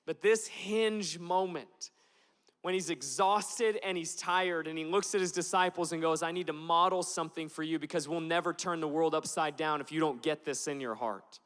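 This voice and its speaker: A man from Alaska preaching a passionate sermon in a church, moving from slow, weighty lines to animated storytelling. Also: fairly high pitch. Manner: passionate, builds from slow emphatic lines to loud animated retelling. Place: church auditorium. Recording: long hall reverb.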